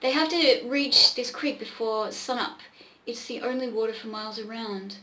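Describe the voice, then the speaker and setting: A woman voicing a gruff, commanding old male rancher in a pulp western read aloud. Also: a little high, moderate pace, bright, forceful tone, rough recording. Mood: plotting.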